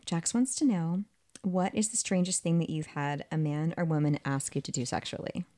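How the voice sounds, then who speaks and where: Blunt low-voiced woman in her thirties. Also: normal speed, warm tone. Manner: blunt, swears, tells stories. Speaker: podcast co-host. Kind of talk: casual chat.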